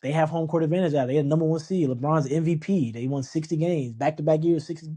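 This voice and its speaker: A man's voice: fairly high pitch, quick pace, mellow. A man hosting a casual talk show, emphatic, often repeating himself and restarting sentences. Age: adult. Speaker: sports podcast host. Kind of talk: casual sports talk monologue.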